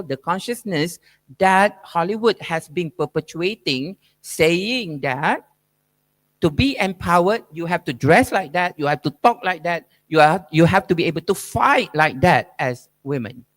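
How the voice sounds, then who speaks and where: A man giving an academic keynote lecture, driving his points with rhetorical questions and "right?" tags. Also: high-pitched. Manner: probing, emphatic lecturing. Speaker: keynote speaker.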